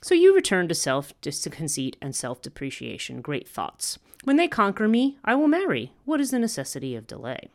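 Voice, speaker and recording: A speaker voicing a calm, smiling goddess while reading a scripture passage aloud in a measured, formal way. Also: mid-range voice, pitched above the performer's own voice. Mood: serene. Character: serene fierce goddess, calmly smiling.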